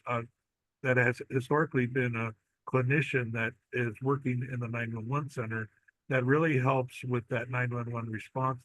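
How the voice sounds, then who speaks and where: A man speaks at a public oversight board meeting and briefs the members on policy and budget moves. His delivery stays flat and even, broken by frequent ums and self-corrections. The sound is close and dry, with little room around it. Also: mid-range voice, no room sound, rough recording. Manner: hesitant, frequent ums and restarts. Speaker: city executive director of safety.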